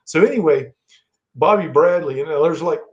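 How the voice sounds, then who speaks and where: A man's voice: a little high, moderate pace. A middle-aged man, a guest on the show, telling anecdotes in a loose, rambling way full of restarts. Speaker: guest, former wrestler. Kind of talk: casual storytelling. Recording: dull lo-fi sound.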